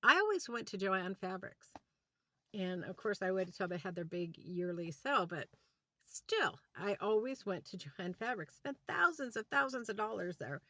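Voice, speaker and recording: A woman with a medium-pitched voice, talking at normal speed, tells a ranting story from inside a van. This vlogger performs both sides of a conversation in an animated retelling full of quoted dialogue, and there's no echo.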